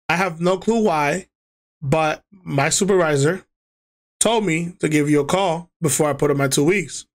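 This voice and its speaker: Young guy ranting about his job, higher voice, slangy, cussing, acts out the other people. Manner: animated, slangy, exasperated, swears often; flips into other people's voices when quoting them. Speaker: YouTuber. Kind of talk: casual storytime rant.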